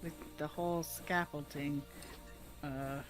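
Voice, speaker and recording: A woman's voice: deep voice, steady tone, slow pace, over music. A woman livestreaming a game from home, chatting playfully and laughing often. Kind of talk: casual gameplay livestream chat.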